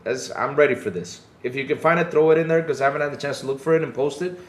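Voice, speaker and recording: A man's voice: on the high side, fast, roomy sound. A man hosting a casual livestream podcast, talking animatedly, swearing freely and acting out what others say. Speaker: podcast host.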